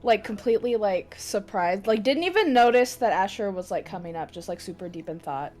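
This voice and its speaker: A woman's voice: medium pitch, expressive, fairly quick, darkish tone, soft background music. A woman player describing her character in a casual tabletop game, with lots of fillers like "like" and "um". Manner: chatty, lots of "like" and "um".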